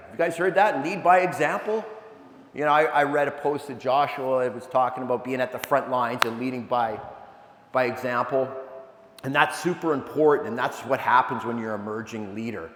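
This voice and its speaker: A man giving an animated, energetic motivational talk, telling stories with asides to a live audience. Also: medium pitch. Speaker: keynote speaker. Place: large event hall. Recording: echoey hall, long reverb.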